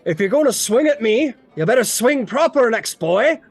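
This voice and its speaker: A man voicing a big, burly male knight commander who is jovial and bluff, speaking in a booming, hearty way. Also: lively intonation, moderate pace, slightly rough, soft background music, heavily acted. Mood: challenging.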